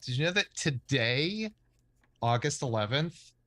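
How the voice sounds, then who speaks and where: Man, podcast co-host, deadpan jokes, mid pitch, dry close recording. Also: a little slow, dry recording. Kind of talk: casual chat.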